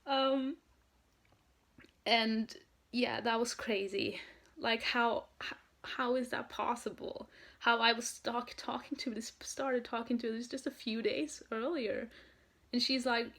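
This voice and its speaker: A young woman from Norway tells a story to her camera in a casual vlog. She talks in an excited, gushing way, full of "um" and "like". Her voice sits a little high and carries a gravelly fry. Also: a little slow. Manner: excited, gushing, many fillers. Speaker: vlogger, fan.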